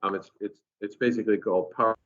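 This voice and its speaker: In this recorded talk, a man with a fairly low voice speaks fast while casually recounting an anecdote from his work as an engineer at a company experience center. His telling is lively but full of restarts, and the audio is muffled and lo-fi.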